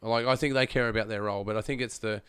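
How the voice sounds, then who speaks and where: A man hosting a podcast in his home studio, talking on a studio microphone in a lively, restarting way, often adding "man". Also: fairly low pitch, fast talker, clear, resonant tone, no room sound. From Australia. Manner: animated, restarts phrases, says "man" often. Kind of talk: casual chat. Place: home studio full of screens. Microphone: studio microphone with headphones.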